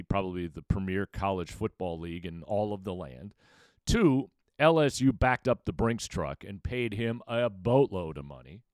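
A man hosting his own sports podcast, riding a lively, swinging pitch as he argues his takes with conviction. His emphatic delivery leans on rhetorical questions aimed straight at the audience. The sound is close and dry, with almost no room around it. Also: smooth, no echo. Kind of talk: solo sports opinion commentary.

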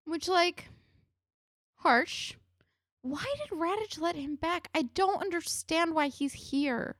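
A woman's voice: very high-pitched, slow pace, fairly bright tone, no room sound, clean studio sound. A woman co-hosting a podcast, musing over a TV episode in casual chat, opinionated and full of fillers. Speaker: podcast co-host.

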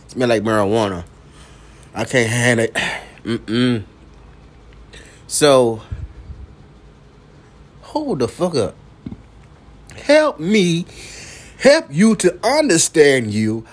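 A man hosting a late-night solo podcast, talking slowly and profanely and returning again and again to one catchphrase. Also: mid-range voice, very animated. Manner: slow, profane, repeats a catchphrase; coughs now and then. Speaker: podcast host. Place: downtown building at night.

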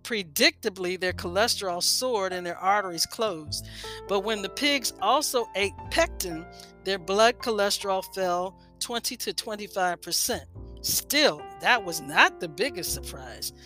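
Woman reading health notes, bright voice. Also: mid-range voice, lively intonation, unhurried, soft background music. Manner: reads aloud with frequent stumbles and self-corrections. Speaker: health podcast host. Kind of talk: casual reading of a health article.

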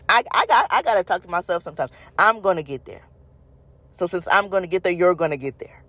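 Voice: mid-range voice, animated, fast talker, fairly bright tone. A preacher giving an impassioned devotional message, repeating phrases for emphasis and speaking straight to the listeners. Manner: calls out to the audience with "y'all" and "you guys".

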